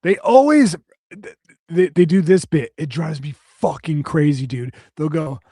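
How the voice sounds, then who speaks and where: A man's voice: a little high, unhurried, dark tone, slightly rough, no room sound, clean studio sound. A man co-hosting a casual podcast, ranting and cursing with lots of restarts. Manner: profane, ranting, rambling with restarts. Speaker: podcast co-host.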